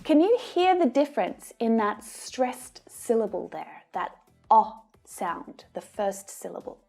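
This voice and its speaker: A woman with an Australian accent teaching English pronunciation, modelling each sound slowly and carefully. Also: fairly high pitch, sing-song, gravelly, dark tone, soft background music. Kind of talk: pronunciation lesson.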